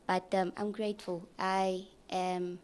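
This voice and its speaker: A woman's voice: lowish voice, level tone, slow pace, a little mellow. A young woman intern chatting casually in a studio, emotional and giggly, rambling with restarts. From South Africa. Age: young adult. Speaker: departing intern.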